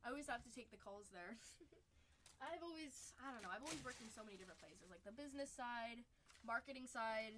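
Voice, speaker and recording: A woman's voice: fairly high pitch, noisy background. A young woman hosting a card-breaking livestream, chatting casually and upbeat with viewers and laughing often. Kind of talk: casual livestream chat while opening cards.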